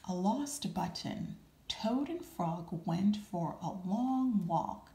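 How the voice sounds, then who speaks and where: A woman reading a children's storybook aloud, calm and unhurried, adding small asides. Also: fairly low pitch, gravelly, a little hiss or hum. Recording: roomy echo.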